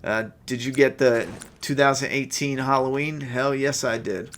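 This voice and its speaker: A man's voice: mid-range voice, fairly even intonation, moderate pace, a bit bright, slight background noise. A man with a stuffed-up nose giving chatty, profane, laid-back commentary while playing a game. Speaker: gameplay streamer. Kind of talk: casual gameplay commentary.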